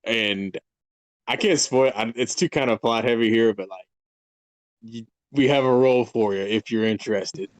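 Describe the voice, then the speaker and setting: A man's voice: medium pitch, moderate pace, dry recording. A man in his twenties, a guest author, rambling through a casual interview, laughing often and trailing off mid-sentence. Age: 20s.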